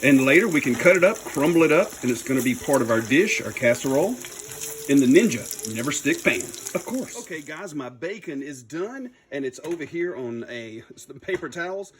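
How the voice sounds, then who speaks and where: A man's voice: fairly high pitch, lively intonation, fairly quick, a little hiss or hum. A man hosting his own cooking video, chatting upbeat and joking as he cooks at the stove. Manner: upbeat, jokey, chatty asides. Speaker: cooking show host. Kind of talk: casual cooking demonstration.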